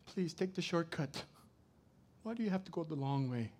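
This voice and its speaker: A middle-aged man preaching a sermon, swinging from loud to soft as he tells a story. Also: fairly high pitch, animated, normal speed. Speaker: pastor.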